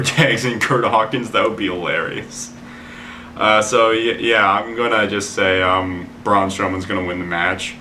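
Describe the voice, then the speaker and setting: A man talks through his predictions in a casual, rambling way, leaning on "like" and "I mean" as he thinks aloud. His voice sits a bit low but has a bright, forceful edge. He is opinionated and swears now and then when he gets worked up. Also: a little hiss or hum. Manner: rambling, with many "like" fillers. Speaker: wrestling video blogger.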